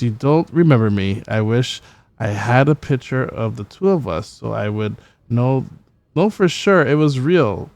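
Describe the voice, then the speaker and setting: A man playing a story game, reading in-game letters aloud in a halting way, with stumbles, restarts and wry swearing asides. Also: mid-range voice, gravelly, no echo. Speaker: gameplay streamer.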